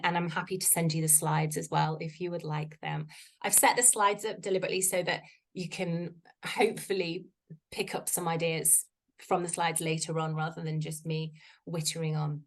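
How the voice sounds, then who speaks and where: A woman's voice: little pitch movement, normal speed. A woman, a voice coach giving a chatty, playful online workshop talk over a video call. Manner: chatty, playful, varies pitch for effect.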